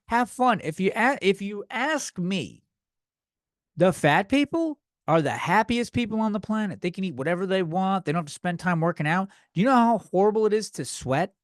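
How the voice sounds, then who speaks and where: A young man delivers a comedic podcast rant, swearing freely and working himself up as he goes. His voice sits a little high. The sound is dry and close to the mic, with no room around it. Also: no echo. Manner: ranting, profane, worked-up and loud at times. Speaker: podcast host.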